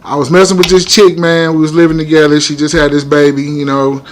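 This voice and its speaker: A man from Omaha, a guest comedian on a casual podcast, telling a wild personal story with lots of profanity and growing loud when excited. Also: on the high side, a little fast. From Omaha, Nebraska.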